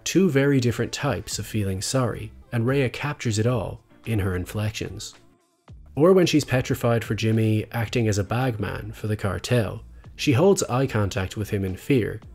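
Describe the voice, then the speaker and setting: A man narrating a scripted video essay in a measured, analytical way. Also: fairly low pitch, darkish tone. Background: faint background music.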